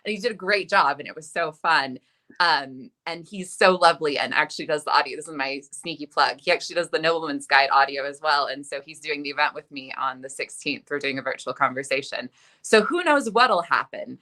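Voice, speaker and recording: Bright, low-voiced woman telling stories. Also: brisk. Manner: chatty, self-deprecating, heavy use of "like". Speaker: author guest. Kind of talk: animated anecdote on a video interview.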